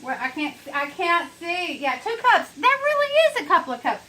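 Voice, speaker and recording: A woman's voice: very high voice, very animated, normal speed, pushed and bright, poor audio. A woman chatting her way through a home cooking demonstration, rambling and talking straight to her viewers in her kitchen.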